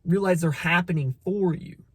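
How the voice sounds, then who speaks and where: In a dry recording, a man with a high-pitched, husky voice talks at a moderate pace. He's a motivational vlogger in a casual monologue, blunt and profane, lecturing the listener, repeating himself and stumbling as he restarts.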